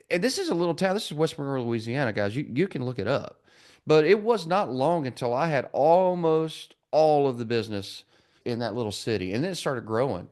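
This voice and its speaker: A man in his forties, a trades business coach, telling stories in a podcast interview and acting out the dialogue. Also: fairly high pitch. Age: 40s. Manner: animated, acts out dialogue in quoted voices.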